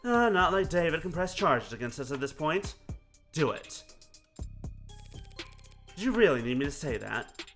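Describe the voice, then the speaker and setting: A man's voice: fairly high pitch, very animated, moderate pace, long pauses, fairly bright tone, soft background music. A man reading the lines of a wry, teasing young woman detective in a game. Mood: probing. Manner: dry and teasing.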